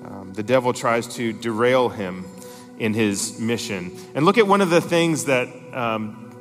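A man delivers an emphatic sermon, reading scripture aloud and pressing each point with rising intensity. His mid-pitched voice rings out with a long reverb in a large church hall, while soft music plays faintly behind him. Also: animated, a little slow. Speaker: preacher.

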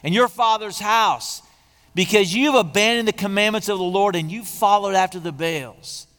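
A man reading the lines of a bold, defiant male prophet challenging a king, declaiming them forcefully. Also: high voice, moderate pace, long reverb tail, voice pushed up.

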